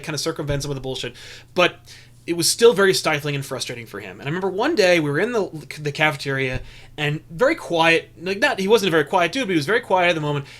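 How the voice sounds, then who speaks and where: A man's voice: on the high side, fairly bright tone. A young adult man co-hosting a podcast, telling a rambling story full of restarts in casual chat. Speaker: podcast co-host.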